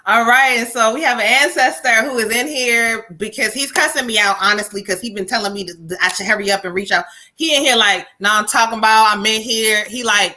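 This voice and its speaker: A woman medium hosts a casual live-stream reading with a higher, bright, forceful voice. She passes along a spirit's messages in quick, slangy, profane bursts. Her talk stays loose and unscripted.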